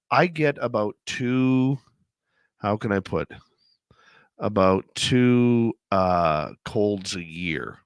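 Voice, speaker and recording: A man with a lowish voice hosts a talk show while getting over a head cold. He chats loosely and rambles, often padding with fillers. The sound is dry and close, with no room around him. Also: lively intonation, very slow, pauses often, clear, resonant tone, dry recording. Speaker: radio show host. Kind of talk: casual chat.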